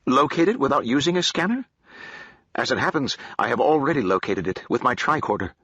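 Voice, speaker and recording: A man's voice: medium pitch, lively intonation, fairly quick, a bit bright, slightly rough, dry recording, voice pushed up. Data, a precise android officer, voiced by a man. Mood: matter-of-fact. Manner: exact, formal, no contractions.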